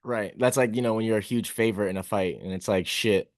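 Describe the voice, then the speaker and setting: A man's voice: on the low side, fast, dry recording, studio quality. A man interviewing a fighter, casual and encouraging, with many fillers. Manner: casual, encouraging, says "like" often.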